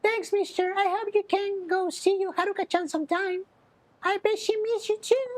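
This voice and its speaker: A man doing a high-pitched little girl. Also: steady tone, moderate pace, low-quality recording. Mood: grateful. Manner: high sing-song child voice. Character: sweet little girl thanking a stranger.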